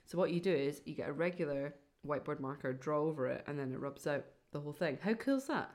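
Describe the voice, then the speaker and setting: A woman's voice: low voice, expressive, fast, a little mellow. A woman co-hosting a casual podcast chat. She teases the others and laughs often. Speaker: podcast co-host.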